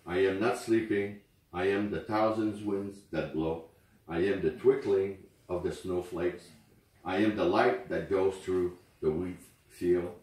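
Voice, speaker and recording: A man whose first language is French, reading memorial poems aloud at a wake in a slow, earnest way. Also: deep voice, a little mellow. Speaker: speaker at a wake. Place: memorial gathering indoors. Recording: very echoey room, far from mic.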